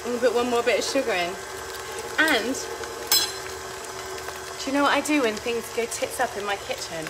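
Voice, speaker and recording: A woman's voice: a little high, normal speed, very noisy. A woman hosting a home cooking vlog, chatting casually to viewers, giggly and chaotic, swearing freely as she talks through a recipe in her kitchen. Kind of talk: casual chat to live viewers while cooking.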